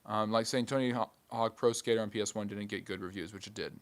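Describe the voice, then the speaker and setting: Wry fast-talking man hosting a history stream. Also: fairly low pitch, fairly even intonation. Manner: quick, wry, fields chat questions with dry jokes. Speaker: history live stream host. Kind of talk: casual live stream Q&A reading chat.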